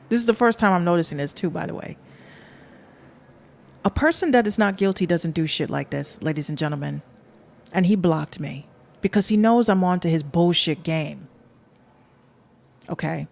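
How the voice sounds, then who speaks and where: A woman's voice: fairly low pitch, gravelly, darkish tone. Blunt profane Bronx woman podcaster. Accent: New York (Bronx). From the Bronx, New York. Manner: blunt, profane and sarcastic, talking straight to listeners. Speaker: podcast host. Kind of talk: casual podcast rant.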